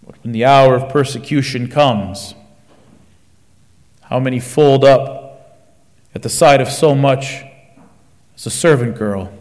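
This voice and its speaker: A man's voice: mid-range voice, slow, long pauses, darkish tone. A man preaching a sermon, building his points through rhetorical questions in a declaiming manner. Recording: long church reverb.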